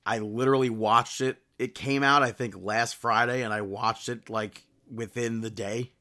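Easygoing guy chatting on a podcast, laughs easy, normal pitch. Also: moderate pace. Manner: relaxed, chatty, laughs often. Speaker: podcast co-host. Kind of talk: casual chat.

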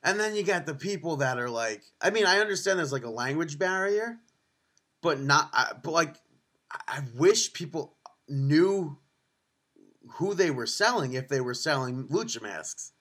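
A man co-hosting a podcast in casual chat, telling travel stories and acting out street vendors in quick voices. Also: on the high side. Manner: animated storyteller, acts out vendors in quick put-on voices. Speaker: podcast co-host. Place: on the road in Cancun.

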